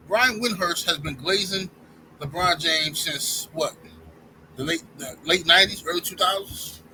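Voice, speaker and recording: A man's voice: high voice, pushed and bright, slight background noise, poor audio. A man giving an opinionated sports rant to his channel's viewers, heated and talking straight at them. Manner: heated, addresses viewers directly as y'all. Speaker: sports commentary YouTuber.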